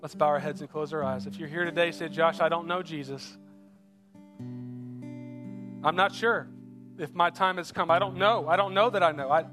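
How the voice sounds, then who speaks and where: A man's voice: on the high side, moderate pace, pauses often, fairly bright tone, soft background music. A man preaching a sermon as pastor, earnest and urging, repeating rhetorical questions to the congregation.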